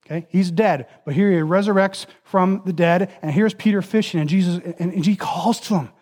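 Male preacher with a high voice, earnest and emphatic in the pulpit. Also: a little fast, darkish tone. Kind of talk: sermon.

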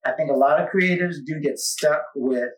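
This man is a podcast host on the receiving end of an interview, answering guest questions in loose, rambling chat with lively storytelling and plenty of tangents. He speaks at a moderate pace in a somewhat high voice, picked up by a distant mic in an echoey room.

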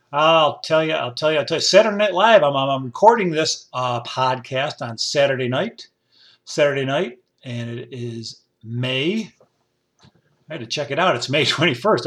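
A man's voice: mid-range voice, normal speed. A middle-aged man, hosting a rambling solo podcast in a folksy, digressive, enthusiastic way. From upstate New York. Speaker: podcast host.

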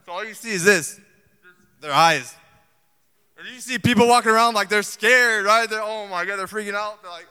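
A man preaching a sermon in a lively, conversational way, full of asides and acted quotes. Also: sits high, moderate pace, smooth. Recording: long hall reverb.

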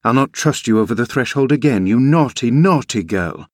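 A man's voice: medium pitch, expressive, moderate pace, darkish tone, dry recording, clean studio sound, natural voice. A man reading an audiobook, voicing a stern female housekeeper who scolds in a raised tone. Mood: scolding.

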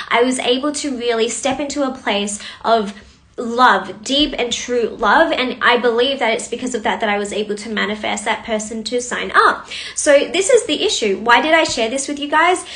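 Bubbly high-voiced woman coach. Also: fairly bright tone. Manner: bubbly and chatty, greets viewers by name. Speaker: host of a live manifestation coaching stream. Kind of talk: casual live-stream talk to viewers.

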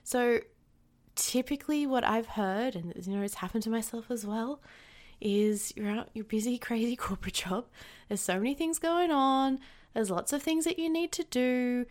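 A woman's voice: a little high, normal speed, darkish tone. A young adult woman coach talking in a candid, chatty podcast monologue, often acting out inner thoughts in a quoted voice.

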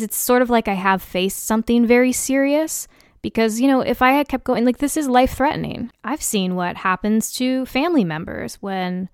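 A young adult woman hosts a casual solo podcast, candid and self-deprecating, acting out the dialogue she quotes. Her voice is fairly high, clear and resonant, captured in a dry, studio-quality recording.

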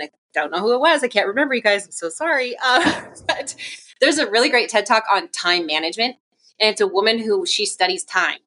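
A woman guest, a physical therapist, talking in a casual, chatty interview and telling stories with lively acted quotes. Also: mid-range voice.

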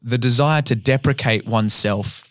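A man's voice: mid-range voice, normal speed, a bit bright, dry recording. A man, co-hosting a podcast as a comedian, talking candidly and rambling, swearing freely into a close studio mic. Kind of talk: casual chat.

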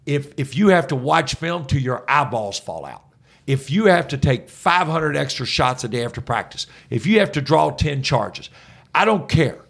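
A middle-aged basketball head coach, appearing as a podcast guest, tells stories in an animated, energetic way. His mid-range voice runs at normal speed with vocal fry and a breathy edge.

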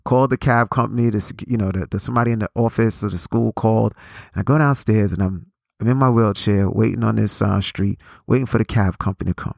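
A man's voice: lowish voice, quick pace, gravelly, a little mellow, no room sound, clean studio sound. A man in his forties giving a motivational talk, preachy in tone, repeating phrases and restarting his sentences. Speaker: motivational speaker.

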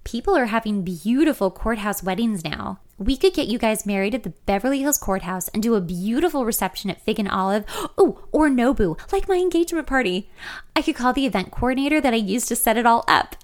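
A woman's voice: on the high side, expressive, fairly quick, close to an everyday voice. Woman reading as a chatty pregnant friend, bossy and smug, always knows better. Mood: eager. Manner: confident, chatty, a little smug.

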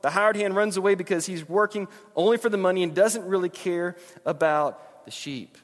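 A middle-aged male pastor gives a sermon with a fairly high voice. He talks to the congregation like it's a conversation and stumbles over repeated words when he's emphatic. The sound carries a long reverb from a large church hall. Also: moderate pace, few pauses.

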